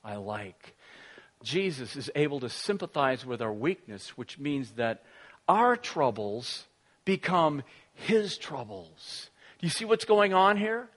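A middle-aged pastor with a high voice delivers a sermon, weaving a personal story into scripture. He tells it in an animated way, full of fillers and restarts. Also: takes it slowly, big-room sound.

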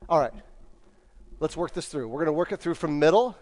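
A man's voice: on the high side, animated, brisk, pauses often, a little mellow. A man preaching a sermon in a church, talking in a casual, conversational way and acting out the lines he quotes. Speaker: pastor.

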